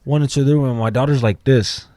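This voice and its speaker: A man's voice: medium pitch, fast talker, warm tone, no echo. A man guest on a podcast, telling a story casually and acting out the quotes, with swearing.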